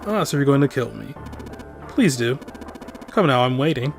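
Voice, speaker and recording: A man voicing a cold, sadistic older male villain who speaks with calm, formal, mocking menace. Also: mid-range voice, normal speed, gravelly, music in the background. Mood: coldly menacing.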